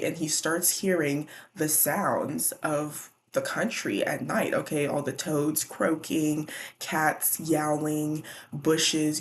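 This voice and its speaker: A woman casually recapping a children's book, animated and slangy. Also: low voice. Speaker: book vlogger.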